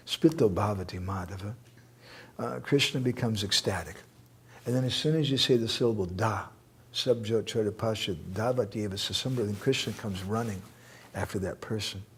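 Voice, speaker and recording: Lively man giving a spiritual talk. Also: on the low side, a little hiss or hum. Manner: animated, quotes verses, jokes and laughs. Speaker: speaker answering questions. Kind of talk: spiritual lecture with Q&A. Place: temple hall.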